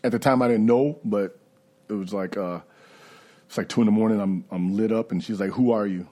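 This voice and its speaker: A man's voice: fairly low pitch, fairly quick, dark tone. A man giving a candid, conversational personal recovery testimony. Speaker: recovery speaker.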